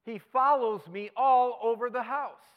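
A man putting on a gushing, high-voiced wife. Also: measured pace, narrow, tinny audio. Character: grateful middle-aged wife telling of her changed husband. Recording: long hall reverb.

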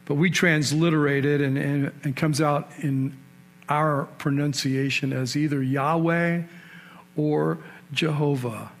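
A man preaching a sermon in a conversational storytelling way, asking his listeners questions and rising sharply in pitch and volume to stress key points. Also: fairly even intonation, unhurried, creaky. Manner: storytelling, with sudden rises in pitch and loudness for emphasis. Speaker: pastor.

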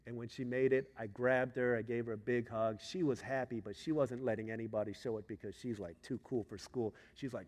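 A man preaching a sermon, telling a family story that swings from hushed asides to loud, emphatic moments. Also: medium pitch, fairly quick, few pauses. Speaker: pastor. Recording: long reverb of a large hall.

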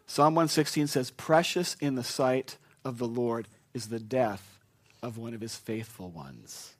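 A man preaching a funeral sermon, telling stories in an animated way and rising to excited outbursts. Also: mid-range voice, unhurried. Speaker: pastor.

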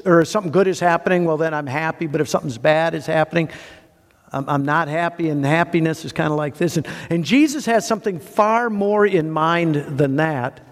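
A male pastor preaching a sermon, animated and conversational, asking rhetorical questions and building long lists of words. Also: fairly high pitch, long reverb tail.

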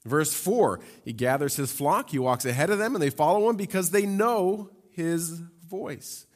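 A man preaching a sermon, reading scripture and explaining it in a lively, conversational way with humorous asides. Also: a little high, unhurried. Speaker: pastor. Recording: long hall reverb.

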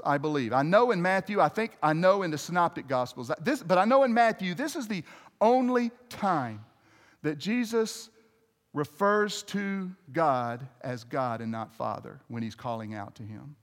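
A man's voice: sits high, very animated, measured pace, long reverb tail. A man preaching a sermon to a congregation, talking in a conversational way with restarts and asides to the listeners. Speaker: pastor.

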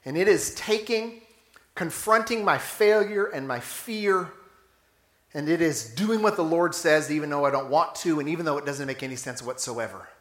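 A pastor with a high, bright voice delivers a sermon at a moderate pace, narrating the story with animation and peppering it with rhetorical questions. A roomy echo surrounds him, as though his voice fills a church sanctuary.

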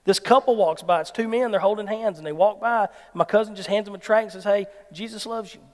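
A man with a Southern American accent preaching a sermon as an animated storyteller. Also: high voice, fast talker. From Mississippi, US South. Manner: animated storyteller who acts out quoted people. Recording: long hall reverb.

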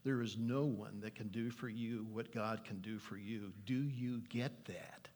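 A man's voice: on the low side, fairly even intonation, unhurried, darkish tone. An older man preaching a sermon, earnest and pleading, reading scripture aloud with emphasis. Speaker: pastor.

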